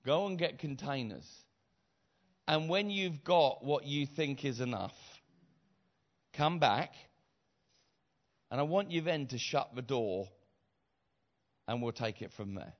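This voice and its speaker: A middle-aged man preaching a sermon, retelling a story with acted voices, repeated phrases and rising shouts. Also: medium pitch, expressive, slow pace, long pauses. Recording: slightly dull lo-fi sound.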